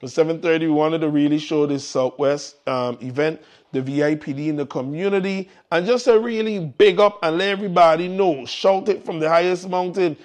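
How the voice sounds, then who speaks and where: A man with a lilt hosts a live community show in easy, casual chat. His voice sits a little high, and he keeps repeating his encouragements to the listeners in an upbeat way. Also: fairly quick. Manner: upbeat, repetitive exhortations to the audience. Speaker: morning show host.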